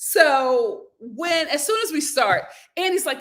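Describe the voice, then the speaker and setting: A woman hosting a casual vlog, recapping a reality show with animated, opinionated commentary and frequent laughter. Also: high voice, slow.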